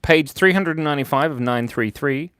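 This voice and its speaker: A man's voice: on the high side, moderate pace, a bit bright, clear, resonant tone, no echo, clean studio sound. A man hosting a live drawing stream, chatting casually with viewers in a playful, goofy way, breaking into silly voices and noises.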